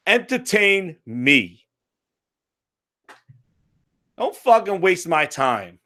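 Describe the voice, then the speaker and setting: A man from the US, a gaming commentator, rants about a video game, swearing, sarcastic and fed up. His voice is high, animated, a bit bright and a little slow.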